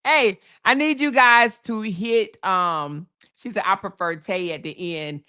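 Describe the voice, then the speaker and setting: A woman hosts a live stream in a loose, chatty way, stretching out words and laughing easily as she talks to her viewers. Her voice is bright and forward. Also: on the high side, animated, a little slow, few pauses, clear, resonant tone. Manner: chatty, drawls names, reads super chats aloud, laughs often. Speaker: livestream host. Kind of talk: casual live chat with viewers.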